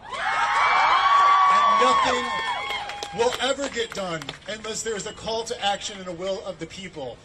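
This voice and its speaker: A man giving an angry, profane protest speech outdoors, shouting and laughing as he rants. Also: high voice, a little fast, hardly any pauses. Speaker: protest rally speaker, labor organizer. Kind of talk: impassioned rally speech. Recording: distant mic, loud crowd noise. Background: loud crowd and street noise.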